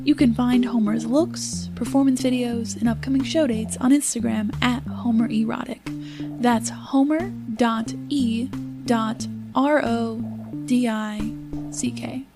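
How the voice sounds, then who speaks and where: A woman's voice: on the high side, fairly even intonation, a little slow. A drag king hosting a casual podcast interview, attentive and encouraging with short affirmations. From Ohio. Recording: music playing behind.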